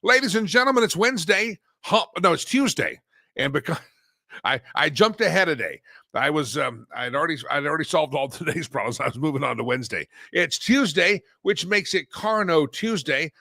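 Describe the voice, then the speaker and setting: A man hosting a talk show, telling stories in a lively, animated way with frequent laughs and sudden loud bursts. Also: fairly high pitch, normal speed, gravelly, no room sound, clean studio sound. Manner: animated storyteller, laughs often, swings loud. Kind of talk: casual talk show banter.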